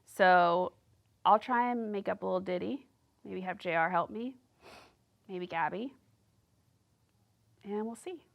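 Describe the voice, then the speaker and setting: A woman's voice: mid-range voice, a little slow, creaky, pauses often, muffled recording. A woman hosting a casual solo podcast, gossiping and rambling with lots of "like". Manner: gossipy, rambling, heavy use of "like". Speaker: podcast host.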